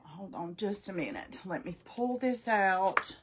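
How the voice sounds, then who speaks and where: A woman's voice: medium pitch, animated, a little slow, background noise. A middle-aged woman casually demonstrating a craft live, chatting folksily, thinking aloud and greeting viewers by name.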